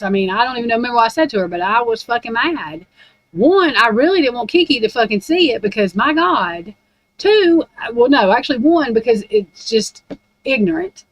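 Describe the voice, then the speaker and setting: A woman's voice: a little high, expressive, moderate pace, a bit bright, no room sound, lo-fi sound. A woman in a casual, rambling rant about true crime, blunt and heavy on profanity.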